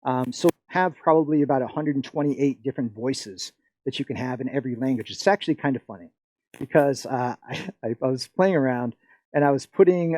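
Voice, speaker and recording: A man's voice: medium pitch, darkish tone, dry recording. A middle-aged man from the Philippines presenting a live workshop, rambling and chatty with many fillers and frequent laughs.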